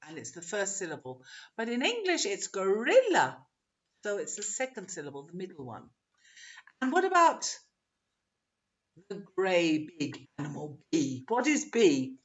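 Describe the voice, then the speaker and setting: A woman's voice: lowish voice, huge pitch swings, moderate pace, highs cut off. A woman teaching English pronunciation in an online webinar, drawing out example words and laughing often.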